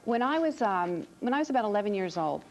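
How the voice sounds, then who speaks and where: A woman's voice: mid-range voice, big pitch swings, fast, a little mellow, dull audio, slight background noise. A woman author answering interview questions on a TV show in an earnest, reassuring way, often repeating words as she thinks. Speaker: author and parenting expert guest.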